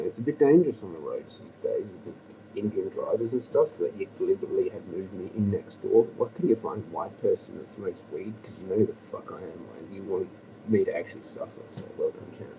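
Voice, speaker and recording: A man's voice: fairly low pitch, far from the mic, background noise. An Australian man rambling and ranting on a livestream, profane and agitated.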